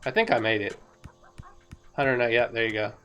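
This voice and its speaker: A woman talking casually over her own gameplay footage, excitable and rambling, laughing often. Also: rumbling low, moderate pace, smooth, soft background music. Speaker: gaming video creator.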